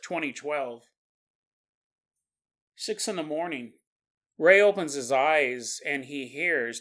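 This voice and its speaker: A man hosting a podcast who narrates a story in an animated way and acts out its characters. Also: a little high. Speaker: podcast host.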